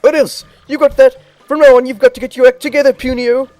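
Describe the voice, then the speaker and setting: A man's voice: extremely high pitch, flat delivery, fast talker, a little mellow, no room sound, faint music behind, pitched above the performer's own voice. Man doing a bossy crotchety old woman elder. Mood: scolding. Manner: scolding, barking orders.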